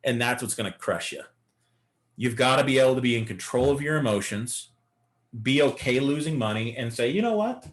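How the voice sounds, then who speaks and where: A man's voice: mid-range voice, fairly quick. A man teaching a live beginner day-trading lesson, coaching and talking through chart examples. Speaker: trading instructor.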